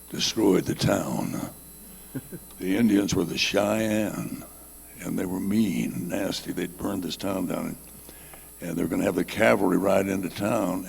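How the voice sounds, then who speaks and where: Older man, gravelly and husky, folksy yarn-spinner, roomy hall sound. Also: sits low, darkish tone. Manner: folksy, rambling, laughs at his own jokes. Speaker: panel guest telling a story. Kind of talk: storytelling on a reunion panel.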